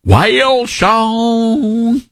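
A man putting on a slow, exaggerated Southern drawl to play a folksy, hammy middle-aged senator. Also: extremely high pitch, a bit bright, dry recording, clean studio sound, voice pushed up, exaggerated voice. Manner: slow, drawn-out, yokel-like.

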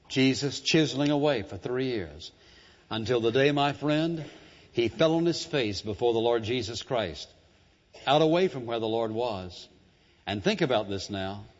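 A man delivering a church sermon in a dramatic, emphatic style, dropping to hushed tones and then rising on key words. His voice rings out with a long hall reverb. The recording itself sounds dull and muffled. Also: medium pitch. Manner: emphatic, dramatic preaching with sudden shifts in loudness and pace. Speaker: preacher.

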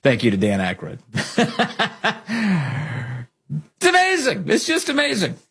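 A man hosting a political talk show, delivering sarcastic, animated commentary. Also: high-pitched, quick pace, creaky, slightly rough. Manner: animated, sarcastic, mimics opponents.

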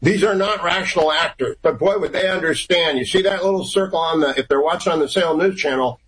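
A middle-aged man giving forceful, rapid-fire opinions as a guest on a political talk radio show. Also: on the high side, poor audio.

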